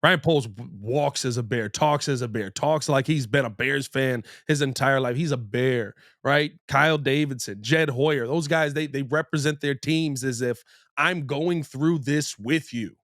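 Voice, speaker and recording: A young man hosting a sports podcast, rambling excitably with frequent restarts. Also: medium pitch, normal speed, hardly any pauses, dry recording, clean studio sound. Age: young adult. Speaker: podcast host. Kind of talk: casual sports podcast banter.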